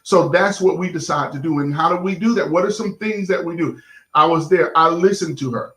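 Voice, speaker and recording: A middle-aged man with a fairly high voice talks like a pastor chatting with his congregation. He says y'all to the camera, stumbles through fillers and keeps it loose and folksy. The room around him rings with echo. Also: fairly quick, fairly bright tone. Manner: folksy, addresses the audience as y'all, lots of fillers. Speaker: pastor and show host. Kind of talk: casual sermon-like talk to viewers.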